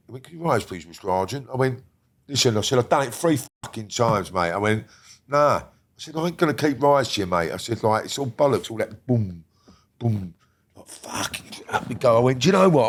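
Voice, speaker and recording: A middle-aged man telling stories as an interview guest, swearing often and speaking in a heated, emphatic way. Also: medium pitch. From Britain. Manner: heated, profane, emphatic storytelling. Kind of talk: casual storytelling.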